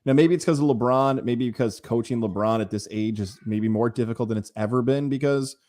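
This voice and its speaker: A man's voice: medium pitch, fairly quick, a little mellow. A man co-hosting a sports talk show, chiming in casually and riffing with his partner.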